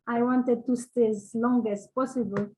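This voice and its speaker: High-voiced woman recalling memories haltingly. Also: fairly even intonation, dark tone, slight background noise, poor audio. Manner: halting, searching for words, frequent fillers; laughs between phrases. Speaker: devotee sharing memories. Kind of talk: casual spoken reminiscence.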